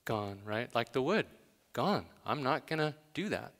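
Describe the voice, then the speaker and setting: A man's voice: mid-range voice, very animated, a little slow, a bit bright. A male pastor giving a conversational, emphatic sermon, telling everyday stories with dramatic gasps. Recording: long hall reverb.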